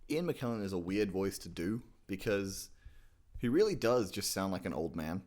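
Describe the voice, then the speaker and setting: Rambling man with a lively low voice. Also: normal speed. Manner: rambling, swearing, self-mocking. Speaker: channel host teaching impressions. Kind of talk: casual comedic tutorial.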